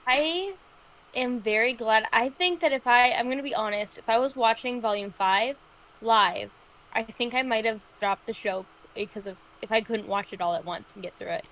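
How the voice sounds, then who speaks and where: A woman's voice: on the high side, moderate pace, fairly bright tone, poor audio. A woman co-hosting a casual live stream chat, ranting emphatically about a show. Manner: emphatic, exasperated rants. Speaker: podcast co-host.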